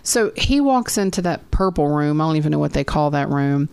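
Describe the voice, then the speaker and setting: A young woman with a low, gravelly voice, chatting casually as a co-host. She retells scenes in a chatty way, quoting what people said. The sound is close and dry. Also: expressive, a little fast, a little mellow, no room sound. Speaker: podcast co-host. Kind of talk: casual chat recapping a reality show.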